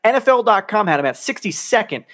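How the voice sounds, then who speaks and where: A man's voice: high voice, sing-song, fast talker, fairly bright tone. Guy venting on a podcast, swears a ton, voice jumps all over the place. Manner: exasperated, swears a lot. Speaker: podcast co-host. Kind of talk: heated casual sports rant.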